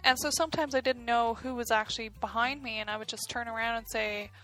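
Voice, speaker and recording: Bright-voiced German woman chatting. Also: a little high, fairly even intonation, fast, rough recording. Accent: slight German. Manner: laughs often, chatty. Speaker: podcast guest, dance teacher. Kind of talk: casual chat.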